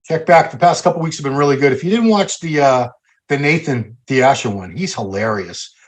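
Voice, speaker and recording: A man's voice: medium pitch, lively intonation, brisk. An American man hosting a casual podcast, chatting in an upbeat, talkative way. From United States. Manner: upbeat, chatty sign-off patter. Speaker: host.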